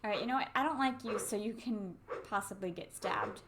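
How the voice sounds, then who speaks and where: A woman's voice: medium pitch, brisk, background noise. A woman commentating a horror game let's play, jumpy, laughing and swearing at the scares. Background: game music.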